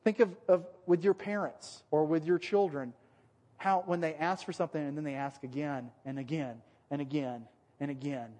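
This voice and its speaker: A man preaching a sermon in a relaxed, conversational way, acting out the voices he quotes. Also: on the high side, big-room sound. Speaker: pastor.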